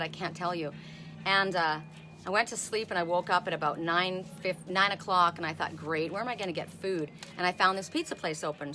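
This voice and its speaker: A woman's voice: on the low side, background noise. A woman in her fifties giving a chatty live-stream oracle card reading, talking to viewers by name and laughing often. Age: 50s.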